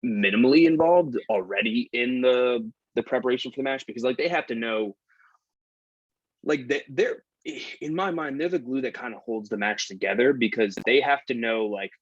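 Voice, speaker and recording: A man's voice: medium pitch, moderate pace, no echo, dull audio. A man co-hosting a podcast, rambling in casual chat and saying "like" a lot. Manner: rambling, heavy use of "like". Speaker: podcast co-host.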